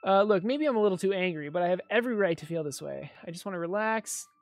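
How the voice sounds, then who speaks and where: A woman's voice: on the low side, expressive, fast talker, no room sound. A woman reading a game's lines as a grumpy, worn-out young woman who complains about her job. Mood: annoyed. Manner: irritated, complaining.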